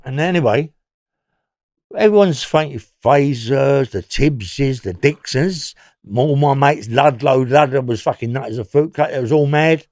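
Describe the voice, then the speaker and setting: Captured in clean studio sound with no room echo, an older man from England with a London accent talks unhurriedly at medium pitch. He's a podcast interview guest telling meandering, excitable stories, swearing often and using plenty of fillers.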